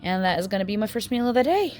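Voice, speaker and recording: A woman in her forties talks through her meals in a casual vlog, recorded on a phone camera. Her voice sits at a middle pitch and often sounds a little out of breath. Faint music plays quietly in the background. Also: expressive, racing. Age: 40s. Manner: chatty, often a bit breathless. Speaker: vlogger. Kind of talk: casual food diary vlog. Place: various rooms and a dance studio.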